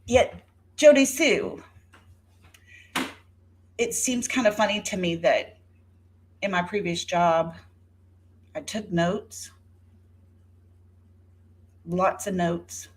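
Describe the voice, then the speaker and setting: A woman in her fifties speaks extremely slowly in a lowish voice, leaving long pauses. In her rebuttal vlog for viewers, this YouTuber is indignant and sarcastic, aiming her words straight at a named rival.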